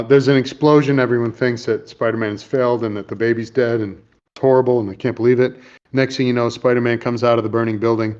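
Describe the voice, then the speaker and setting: A podcast host leads a casual chat, retelling movie scenes in a rambling way and tossing in quick put-on lines for the characters. His mid-range voice has a darkish tone, and the highs are cut off.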